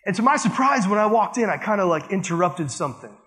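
High-voiced man preaching casually. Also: lively intonation, quick pace, a bit bright. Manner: casual, conversational, heavy use of "like". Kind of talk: sermon with storytelling.

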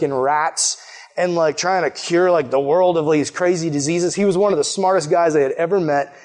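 A man's voice: fairly high pitch, darkish tone. A man preaching a casual sermon to young people, enthusiastic and chatty, often saying "like" and "man". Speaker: youth pastor.

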